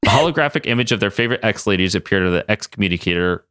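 A man's voice: lowish voice, expressive, rapid-fire, a bit bright, dry recording, clean studio sound. A man podcast host reading a comic story aloud, laughing as he reads.

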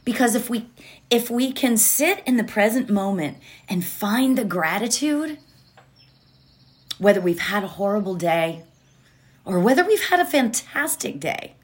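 Slow, gentle woman reflecting aloud. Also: mid-range voice. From United States. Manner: gentle, repeats key phrases, asks rhetorical questions. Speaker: mindfulness speaker. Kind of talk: reflective motivational talk. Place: at home.

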